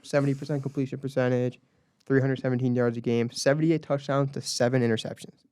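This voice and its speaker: A man's voice: mid-range voice, little pitch movement, fast, darkish tone, clear, resonant tone, no room sound. Young male college radio co-host, leads the segments and reads off numbers, dry booth sound. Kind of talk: casual sports talk.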